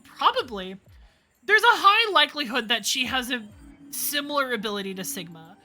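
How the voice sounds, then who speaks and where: A young woman streamer giving emotional let's play commentary, moving between loud wails and low murmurs, swearing freely. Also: expressive, normal speed. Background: lofi music.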